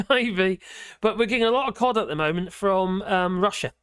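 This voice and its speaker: A man's voice: high-pitched, lively intonation, a little slow, long pauses, fairly bright tone, clean tone, no echo, clean studio sound. A man from Norfolk with a Norfolk accent, hosting a casual livestream chat, rambling with many fillers, chuckles and exclamations. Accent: Norfolk English. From Norfolk, England. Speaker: livestream host.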